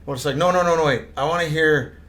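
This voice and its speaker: A man's voice: fairly high pitch, fast, a loud crowd. A middle-aged man, a former hockey player, trading funny stories in a casual chat and laughing often. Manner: chatty, laughs a lot, quotes people.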